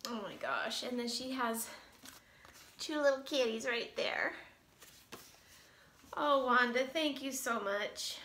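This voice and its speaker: Bright, high-voiced gushing woman vlogger. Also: takes it slowly, long pauses, reverberant, a little hiss or hum. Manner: gushing and emotional, near tears. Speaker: vlogger opening fan mail. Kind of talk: casual chat.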